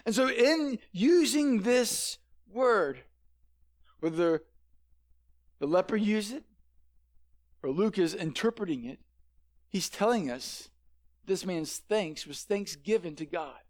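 A man preaching a sermon in an animated, conversational way, often repeating words as he starts a sentence, on a headset microphone. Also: sits high, slow pace, long pauses.

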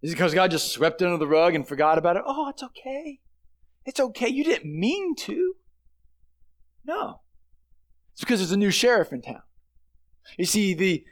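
A man, a pastor, giving a sermon in an earnest, conversational way with emphatic stresses. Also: sits high.

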